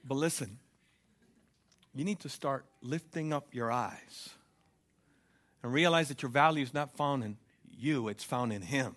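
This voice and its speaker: A young man preaching a fervent sermon, asking the congregation for responses and building to loud passages. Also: medium pitch, animated, normal speed. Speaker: pastor.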